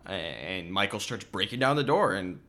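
A man's voice: low voice, big pitch swings, normal speed, bright, forceful tone. A man co-hosting a podcast, casually retelling a movie's plot and acting out characters' lines. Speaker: podcast co-host. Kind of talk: casual movie recap chat.

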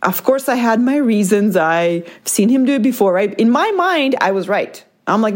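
In a relaxed, reflective way, a mother shares a personal story in a slightly high voice with lively intonation. Her pace shifts within sentences, and she often drops in "like" and "right?" to check in.

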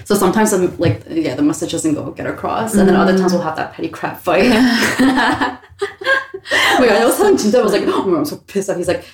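A young woman hosting a casual chat with her roommates, an animated storyteller who laughs often and swears casually. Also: mid-range voice, brisk. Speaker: podcast host. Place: shared apartment room. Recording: echoey room.

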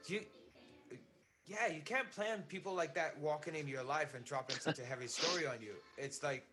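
A man's voice: fairly high pitch, moderate pace, pushed and bright. A man, a singer being interviewed, telling a personal story in a casual, earnest way, often repeating words and saying "man".

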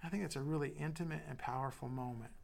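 A middle-aged man preaching a sermon as pastor, dropping to soft whispers and building with emphatic repetition. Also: a little high, quick pace, vocal fry.

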